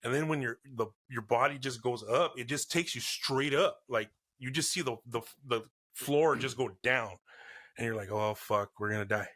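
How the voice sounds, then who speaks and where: A middle-aged man with a bright, forceful voice tells a rambling, profane story in relaxed conversation. He gets animated, doing sound effects as he goes. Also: mid-range voice, moderate pace. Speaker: podcast co-host. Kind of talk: casual chat.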